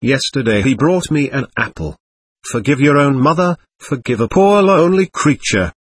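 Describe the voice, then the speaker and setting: A man's voice: medium pitch, animated, moderate pace, husky, no echo. A man voicing a rambling, aggrieved mad old mother. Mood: pleading. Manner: rambling, self-pitying complaint. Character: poor mad older mother, plaintive and aggrieved.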